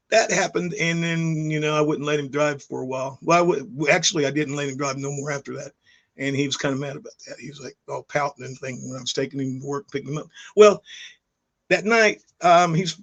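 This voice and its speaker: A middle-aged man tells his story straight to the camera for his channel, a vlog with no script. His voice is gravelly and sits a little high for a man, and he rambles and restarts, heated as he goes. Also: fairly bright tone. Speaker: YouTube vlogger.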